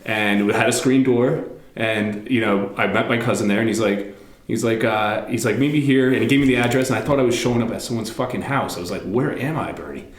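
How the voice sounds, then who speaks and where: Man, late 30s, podcast guest, relaxed casual talk, lowish voice, echoey room. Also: fast talker. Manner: relaxed, agreeable, says "you know" and "like" often. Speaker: podcast guest, business owner. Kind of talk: casual chat.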